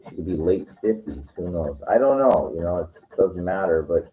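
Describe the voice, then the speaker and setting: A man with a very deep voice talks in a casual, meandering monologue. He keeps restarting his sentences and leans on "you know" and "like". The recording is dull and lo-fi. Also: animated, normal speed. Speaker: weekend vlogger.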